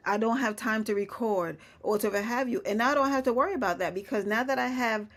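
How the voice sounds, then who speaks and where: Her voice sits on the high side, brisk and a bit bright. As a podcast host she talks casually and chattily, peppering her lines with "you know" and frequent laughter.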